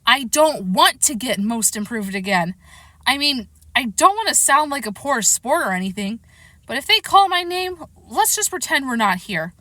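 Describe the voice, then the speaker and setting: A woman's voice: sits high, sing-song, moderate pace, bright, forceful tone, no room sound, heavily acted. A woman reading a storybook aloud, voicing an anxious, embarrassed boy of about eleven who pleads in a raised voice. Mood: pleading.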